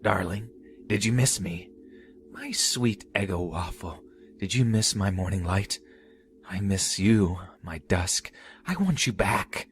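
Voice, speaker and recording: A man's voice: sits low, takes it slowly, a little hiss or hum, pitched above the performer's own voice. A man voicing an unhinged male stalker dressed as a jester, crooning mock-romantic lines before turning menacing.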